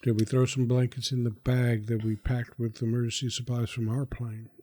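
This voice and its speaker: A man playing a tabletop horror game in character, deliberate and often clearing his throat. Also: mid-range voice, flat delivery, dark tone, no echo, studio quality. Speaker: player.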